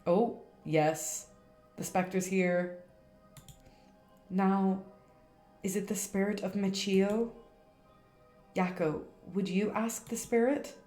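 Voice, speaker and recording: A woman voicing a calm, serious male occult guide from a game, speaking in a measured, instructive way. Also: mid-range voice, roomy sound, faint music behind, natural voice. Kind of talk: reading game dialogue aloud on stream.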